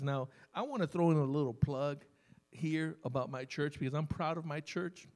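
A man preaching a sermon as pastor, telling stories conversationally and slowing down to stress key words. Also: fairly high pitch. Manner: conversational storytelling preacher, emphatic with sudden slow stresses. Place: church service.

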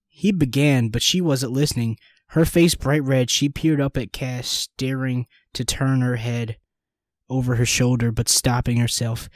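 Man co-host, comic read-aloud, teasing and quick to laugh, dry close sound. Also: medium pitch, a little mellow, no room sound. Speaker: co-host reading fan fiction aloud. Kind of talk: comedic read-aloud with banter.

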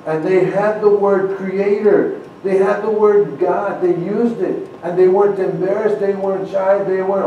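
A man's voice: high voice, fairly even intonation, measured pace, phone-quality sound, a little hiss or hum. A man addressing a congregation, reading old founding documents aloud and talking earnestly between them, often stopping to repeat his words. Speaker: church speaker. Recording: very echoey room, speaker far from mic.

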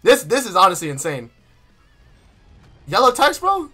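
A young man with a high, very bright, piercing voice that leaps around in pitch as he reacts to his game summons. He sounds exasperated, laughs often and keeps repeating his slang, with faint game music playing behind him. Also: huge pitch swings, normal speed, slightly rough. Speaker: gaming streamer. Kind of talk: casual gacha summon commentary.

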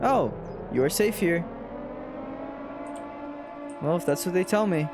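With music playing behind him, a young man streams a game and chats into a desk mic, often exclaiming and making fun of himself. His voice is high-pitched and animated, yet he takes it slowly.

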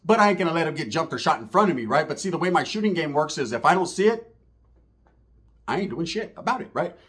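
A man's voice: on the high side, lively intonation, quick pace, a bit bright. A man telling a profane comic street story and acting out the voices of the people in it. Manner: acts out quotes in shifting voices, slangy and profane. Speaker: storyteller comedian.

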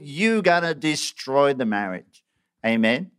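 Male preacher, smooth clear voice, slightly high, self-deprecating and animated. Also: unhurried. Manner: self-mocking, animated, laughs often. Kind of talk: sermon.

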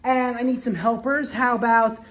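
A woman leads a group of children through a hands-on lesson, upbeat and coaxing as she runs call-and-response. Her voice is on the high side, steady, moderately paced and a bit bright. The room is echoey, with faint background noise.

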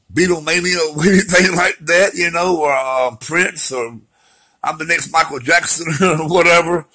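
A man's voice: a little high, sharp tone, husky, low-quality recording. A middle-aged man talking through his recovery in a rambling, heartfelt, slangy monologue. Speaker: vlogger sharing recovery story. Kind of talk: emotional personal monologue.

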